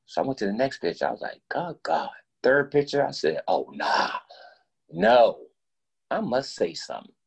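A man guest telling a story in casual talk, animated and profane, acting out both sides of each conversation. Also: lowish voice, moderate pace, vocal fry, husky.

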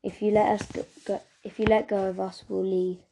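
A woman's voice: mid-range voice, little pitch movement, brisk, dark tone, a little hiss or hum, close to an everyday voice. A woman voicing a frightened young boy who pleads urgently with his captor. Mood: pleading. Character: frightened young boy, desperate and quick-thinking.

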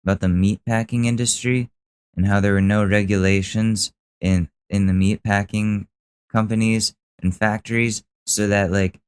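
Young podcast guy ranting about a clip, sarcastic, kinda low voice. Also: level tone, normal speed, clean tone. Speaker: podcast host. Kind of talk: casual commentary.

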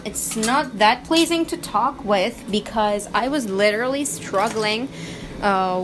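A woman talks casually to her camera at an unhurried pace, pausing often to find the right word and fix it. She speaks from her kitchen, with dishes and cutlery plainly clattering behind her voice. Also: medium pitch, noisy background. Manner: hesitant, often searching for words and correcting herself. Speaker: vlogger.

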